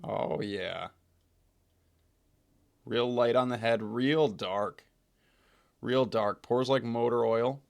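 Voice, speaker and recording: A young American man chats loosely to his stream chat from a home setup, close on a desk microphone. His pitch sits in an ordinary middle range. The sound is dry and close, with no room echo. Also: slow pace, vocal fry, pauses often. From United States. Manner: loose, chatty, swearing, trails off and restarts. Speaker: streamer hosting a beer tasting stream. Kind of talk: casual chat to a live stream chat.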